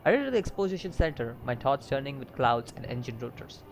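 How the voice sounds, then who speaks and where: A man's voice: mid-range voice, big pitch swings, fast talker, faint music behind, rough recording. Man reading a story game aloud. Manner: stumbling read-aloud with asides and chuckles. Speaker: gaming channel host.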